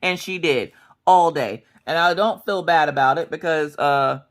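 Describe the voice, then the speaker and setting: A woman's voice: deep voice, unhurried. A woman in her thirties chatting casually while she crafts, rambling through family stories and acting out the dialogue. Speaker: crafting vlogger.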